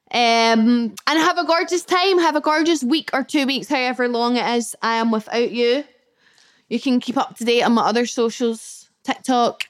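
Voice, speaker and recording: Young woman, podcast host, slightly high voice, chatty, candid, casual swearing, reacting to listener comments. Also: clean tone. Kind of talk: casual solo podcast chat. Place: her flat, indoors.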